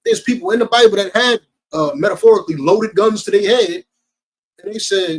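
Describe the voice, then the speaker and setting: Man, New Jersey accent, high-pitched, street preaching, emphatic, slangy. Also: expressive, a little fast, slightly rough, rough recording. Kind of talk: preaching to a group.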